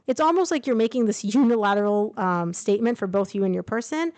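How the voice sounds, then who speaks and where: A woman's voice: medium pitch, lively intonation, fast talker, few pauses, darkish tone, no echo. A woman casually reading tarot cards to camera, chatting and thinking aloud with fillers and asides. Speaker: tarot reader. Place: indoors, traveling.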